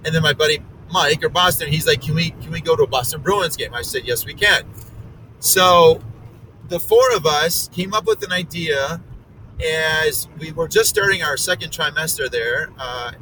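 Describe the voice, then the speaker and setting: A man's voice: a little high, moderate pace, distant mic, slight background noise, rough recording. A middle-aged man telling a long story in casual chat, rambling with fillers and restarts.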